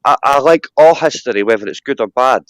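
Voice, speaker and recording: A Scottish man hosting a casual live chat, talking in an animated, rambling rant with mocking asides. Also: mid-range voice, brisk. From Scotland. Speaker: live stream host.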